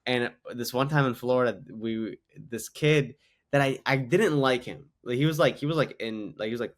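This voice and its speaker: A man's voice: mid-range voice, normal speed. A man in his twenties from Canada, a guest comedian telling rambling anecdotes full of "like.". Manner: rambling anecdotes, heavy use of "like". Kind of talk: casual podcast storytelling.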